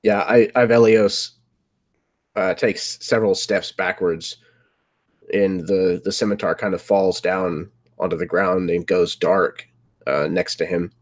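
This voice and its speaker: A man describing his character's actions in a tabletop game, slow and hesitant. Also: low voice, fairly even intonation. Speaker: player.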